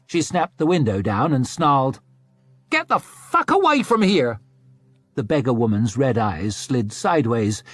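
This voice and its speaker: A man narrating an audiobook with expressive reading, slipping into scornful character asides. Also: mid-range voice, slightly rough, dry recording. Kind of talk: scripted narration.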